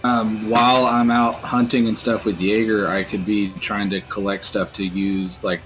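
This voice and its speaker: A man's voice: on the low side, level tone, normal speed, a bit bright, low-quality recording. A man playing in a tabletop role-playing game over a voice call, rambling with lots of filler words, with faint music in the background. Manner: rambling, many fillers like "like" and "stuff". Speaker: player.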